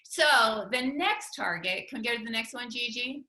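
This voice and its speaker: Bright-voiced woman teaching in an echoey room. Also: on the high side, expressive, normal speed. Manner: chatty, laughs often, many restarts. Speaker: communication workshop speaker. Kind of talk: teaching talk with spouse.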